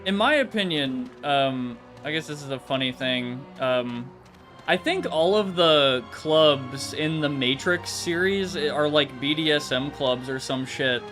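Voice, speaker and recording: A man's voice: fairly high pitch, lively intonation, a little slow, fairly bright tone, faint music behind. A man streaming a video game and chatting casually, rambling, swearing often and laughing easily. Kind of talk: casual chat.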